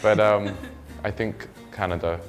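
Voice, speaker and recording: A low-voiced man talks in a hesitant way, often pausing to search for the right words. Clear guitar music plays behind him throughout. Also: fairly even intonation. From England. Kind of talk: blindfolded guessing interview.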